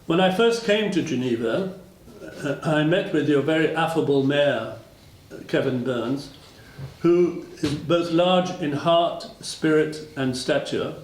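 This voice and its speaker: A man with an English accent giving a formal public speech at a twinning ceremony, halting often with fillers and restarts. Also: a little high, reverberant, low-quality recording. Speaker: speaker at a town twinning ceremony.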